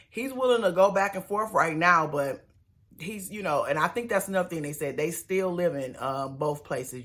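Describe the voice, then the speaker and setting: A woman's voice: low-pitched, a bit bright. A woman giving a sassy, chatty recap of a reality show, with slangy asides to her viewers. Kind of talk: casual TV episode recap.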